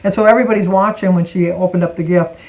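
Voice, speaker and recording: An older woman from Michigan tells a family story in a casual, lively way, acting out the voices of the people in it. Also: fairly low pitch, fast talker, poor audio. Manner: animated, acts out quoted voices. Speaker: vlogger.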